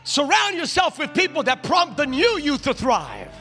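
A male preacher delivering a sermon to a live congregation, moving from quiet storytelling to shouted exhortation and calling out to the crowd. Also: extremely high pitch, huge pitch swings, moderate pace, soft background music. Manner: calls out to the congregation. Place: church stage before a live congregation.

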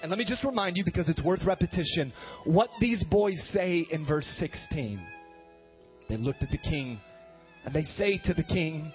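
Animated high-pitched preaching man. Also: normal speed. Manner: animated preaching, rising to loud emphatic bursts. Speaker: pastor. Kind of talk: sermon. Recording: dull lo-fi sermon recording with faint music.

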